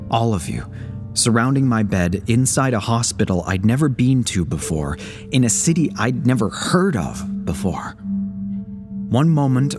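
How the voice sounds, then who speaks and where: Slow, low-voiced male horror narrator. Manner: slow, pleading first-person letter reading. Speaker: story narrator. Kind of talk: scripted horror story narration. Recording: voice over a music bed. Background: music.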